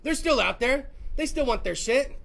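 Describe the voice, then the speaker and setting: A man's voice: very high-pitched, animated, moderate pace, creaky, fairly bright tone. A man hosting a podcast, rambling through a crude, profane, jokey comedic rant. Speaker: podcast host.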